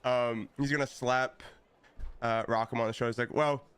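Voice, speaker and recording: Smooth-voiced man playing a tabletop game. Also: medium pitch, level tone, normal speed, fairly bright tone. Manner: laughing, apologetic. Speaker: player.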